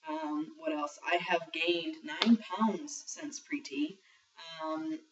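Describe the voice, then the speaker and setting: A man's voice: high voice, sing-song, drawn-out words, slight background noise. A young trans man talking casually in a video diary, rambling with lots of ums and the odd swear word. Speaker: vlogger sharing a transition diary. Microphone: built-in camera mic. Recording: muffled lo-fi camera audio from a distance.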